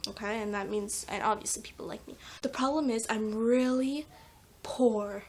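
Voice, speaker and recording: A woman's voice: on the high side, moderate pace. Chatty teen girl vlogging at home. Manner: chatty, rambling, self-mocking asides, drops into whispers. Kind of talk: casual comedic vlog. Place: home, by a sunny patio door. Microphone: phone camera taped to a patio door.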